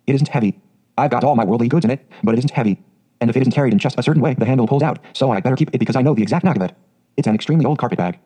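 A man reading aloud and voicing a chatty, imaginative orphan girl of about eleven, talking in a clear, sweet voice in breathless run-on bursts. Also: mid-range voice, rapid-fire, warm tone, close to an everyday voice. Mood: eager.

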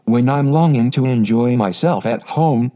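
A man's voice: mid-range voice, normal speed, dark tone, lo-fi sound, close to an everyday voice. A man reading wistful eldest sister Meg.

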